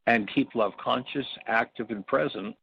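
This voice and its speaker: An older man leading a workshop, telling stories and teaching in a reflective, halting way with pauses and restarts. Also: mid-range voice, creaky, husky. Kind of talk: spoken teaching talk with stories. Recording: dull, dry lo-fi audio.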